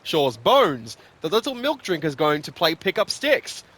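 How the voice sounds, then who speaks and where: A man playing a loud guffawing Nord brute. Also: fairly high pitch, big pitch swings, measured pace, full character voice. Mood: mocking. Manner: guffawing, blustering. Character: loud boisterous burly male Nord warrior.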